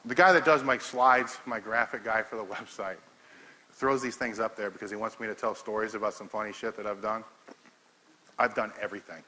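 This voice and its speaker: A middle-aged man giving a talk to an audience, telling a profane, laughing story in an animated way. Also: lowish voice, a little fast, a little hiss or hum, rough recording. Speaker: powerlifting coach giving a talk.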